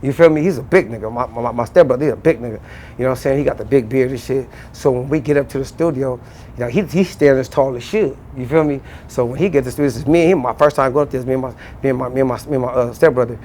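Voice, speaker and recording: A middle-aged man from Los Angeles, a guest in an interview, telling an animated story in loose street slang with frequent restarts. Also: rapid-fire, a little hiss or hum. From Los Angeles, USA. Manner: acts out quoted voices with big jumps up in pitch.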